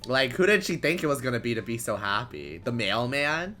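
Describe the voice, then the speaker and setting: A man's voice: medium pitch, big pitch swings, fairly quick, pushed and bright, slight background noise. A man casually chatting and reading a story game aloud on stream, playful and jokey.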